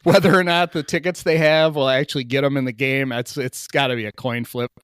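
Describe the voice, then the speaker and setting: A man's voice: mid-range voice, steady tone, fairly quick, fairly bright tone, clean tone, dry recording. Joking, rambling podcast host, a man. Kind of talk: casual sports chat.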